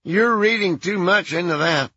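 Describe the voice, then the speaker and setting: A man's voice: high-pitched, moderate pace, sharp tone, breathy edge, no echo, lo-fi sound, voice pushed up, exaggerated voice. A man voicing a bored, chatty woman on the phone who draws out her syllables.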